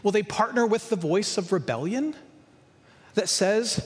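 A man's voice: sits high, lively intonation, measured pace, long reverb tail. A male pastor preaching a sermon, emphatic, with repeated lists and rhetorical questions.

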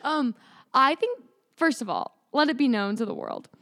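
A woman's voice: high-pitched, wildly swooping pitch, normal speed, fairly bright tone. A woman co-hosting a casual podcast, chatty and good-humored as she explains ideas. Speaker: podcast co-host.

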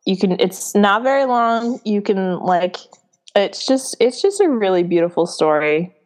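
A young woman talks about a favorite book in a loose, casual podcast chat. She gushes with enthusiasm and fills her sentences with fillers and restarts. Her voice sits at an ordinary middle pitch. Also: expressive, measured pace, darkish tone. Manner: gushing, enthusiastic, lots of fillers.

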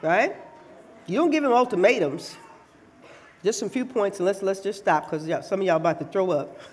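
A woman preacher giving a lively, playful sermon in a church, teasing her listeners as she makes her points. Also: mid-range voice, normal speed, background noise. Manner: playful, teasing, animated delivery.

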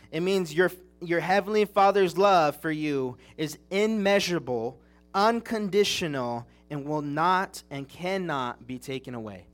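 A young man delivers a sermon in an earnest, chatty storytelling manner, and his voice sits a little higher than most men's. He is from Southern California. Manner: earnest, conversational storytelling with restarts. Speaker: preacher.

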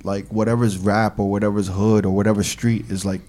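A man's voice: fairly low pitch, level tone, a little fast, warm tone, a little hiss or hum. A man hosting a casual podcast chat, laid-back and loose with swearing. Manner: laid-back, swears freely, laughs a lot. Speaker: podcast host.

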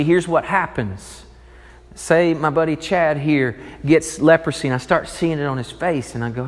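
A man preaching a sermon, animated and acting out the voices of people in his story. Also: on the high side. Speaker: pastor. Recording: long reverb of a large hall.

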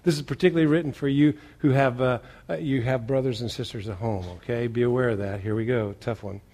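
A man preaching a sermon to a church congregation, asking listeners rhetorical questions and swinging between loud emphasis and quiet asides. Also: mid-range voice, steady tone, quick pace. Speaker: pastor.

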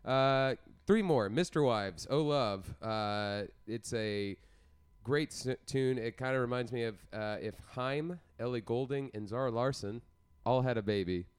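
A man's voice: medium pitch, a little slow, clear, resonant tone. A man co-hosting a casual music podcast, rambling and joking with lots of fillers. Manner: rambling, jokey, many fillers. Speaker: podcast co-host.

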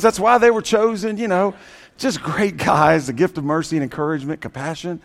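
High-voiced preacher telling a dramatic story. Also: male voice, a little fast, creaky. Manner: dramatic storytelling, swinging from loud bursts to hushed low lines; sarcastic asides. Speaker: pastor. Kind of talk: sermon.

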